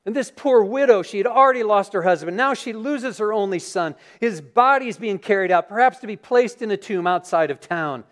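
A pastor delivering a Sunday sermon, his voice sitting high for a man. He moves from reading scripture to vivid, animated storytelling, acting out the scene for the congregation. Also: normal speed, hardly any pauses. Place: church sanctuary.

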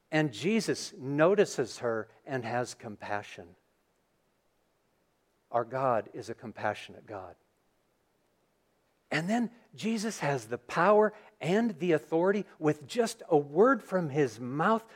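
A man preaching a sermon as pastor in a church, reading scripture and then retelling the story in an animated, dramatic way. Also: fairly high pitch, slow pace. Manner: animated storytelling, acting out scenes. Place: church sanctuary.

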